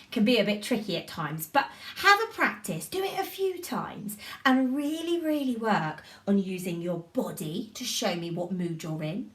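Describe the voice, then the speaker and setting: A woman leads a drama class for small children, her voice swooping up and down as she coaxes and praises them. She speaks slowly and clearly, spelling out each step. The mic sits a little away from her. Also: medium pitch, recorded from a distance. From United Kingdom. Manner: animated, coaxing, sing-song encouragement. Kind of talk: lively instructions to young children.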